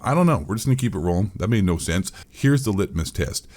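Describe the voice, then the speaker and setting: A man's voice: lowish voice, lively intonation, fast, darkish tone. A man giving a profane, mocking, rambling rant as a gaming commentator. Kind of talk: ranting commentary.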